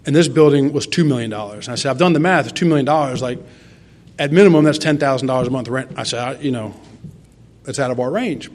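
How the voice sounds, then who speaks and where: A man's voice: mid-range voice, quick pace, darkish tone. A middle-aged man from Tennessee giving an earnest, rambling personal testimony at a recovery meeting, acting out quoted dialogue as he goes.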